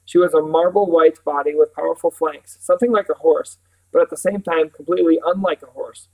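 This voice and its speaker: A man reading a novel aloud in a steady voice, now and then correcting himself. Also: on the high side, brisk, vocal fry, rough recording. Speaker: reader.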